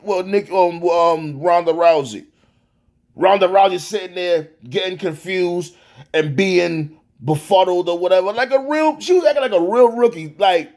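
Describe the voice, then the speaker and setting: Man, high-pitched voice, profane wrestling rant, exasperated, animated. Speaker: wrestling reviewer. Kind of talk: profane ranting review.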